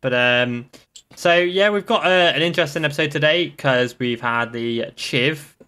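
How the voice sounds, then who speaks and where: A man's voice: a little high, normal speed, pushed and bright, clean tone. Guy hosting a bike racing podcast, chatty, keeps tripping on his words. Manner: rambling, trips over words. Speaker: podcast host. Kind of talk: casual motorsport podcast chat.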